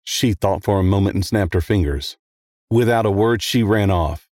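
A man narrating a first-person horror story in a steady, measured way. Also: lowish voice, dry recording, clean studio sound.

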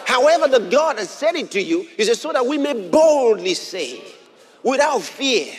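A man preaching a sermon, reading scripture aloud and repeating key phrases with emphasis, sometimes bursting into shouts. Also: very high voice, big pitch swings, normal speed. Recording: long hall reverb.

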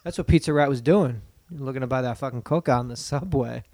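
A man's voice: mid-range voice, a little fast, darkish tone, dry recording. A man co-hosting a podcast in casual chat, rambling and joking with plenty of swearing. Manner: profane, rambling, jokey. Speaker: podcast co-host.

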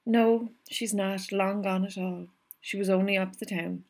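A cheerful young kitchen maid with a brisk, homely way of teasing, as a woman puts her on in a storybook reading. Her voice has a gravelly edge of fry. She sits in the middle of the pitch range for a woman. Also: fairly even intonation, a little mellow. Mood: brisk, fond.

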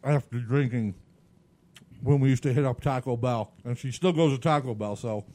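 A man co-hosts a casual podcast, chatting loosely and often talking with his mouth full. His voice sits at an ordinary middle pitch. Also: brisk, dark tone. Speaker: podcast co-host. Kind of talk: casual chat while eating on a podcast.

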